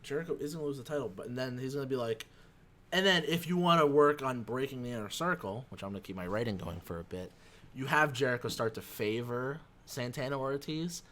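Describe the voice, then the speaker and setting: Man, podcast co-host, casual chat, fast talker, lively pitch, blunt. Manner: animated, blunt and opinionated.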